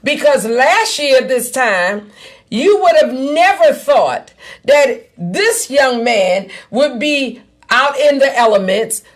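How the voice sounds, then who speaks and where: Casting: woman podcast host, fairly high voice, unhurried, chatty, repeats lines for emphasis. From Savannah, Georgia. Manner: chatty, addresses listeners as "y'all", repeats herself for emphasis. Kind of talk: casual live-streamed talk show.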